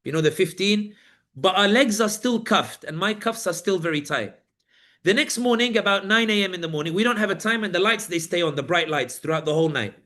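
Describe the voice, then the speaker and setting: A man's voice: high voice, animated, a little fast, pushed and bright. A British man, a journalist, giving a personal account at a talk and vividly acting out the voices of the people in it. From Britain. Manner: vivid storytelling, acting out the voices of guards and inmates.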